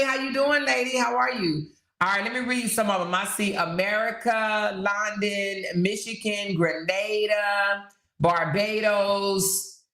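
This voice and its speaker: A woman's voice: fairly low pitch, a bit bright. Woman host of a casual live chat; talkative, reads out viewer comments, roomy sound. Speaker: livestream host.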